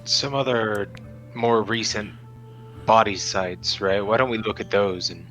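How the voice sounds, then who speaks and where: A man who talks purposefully as he suggests plans in a tabletop game. His voice is low but has a bright, forceful edge. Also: fairly even intonation, unhurried, faint music behind, rough recording. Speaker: player. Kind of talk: casual tabletop play.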